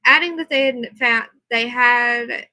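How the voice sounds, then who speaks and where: A woman live streaming from her computer, reading a news report aloud and chatting with viewers in animated asides. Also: a little high, unhurried, no room sound, poor audio. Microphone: computer mic, earbud in for monitoring.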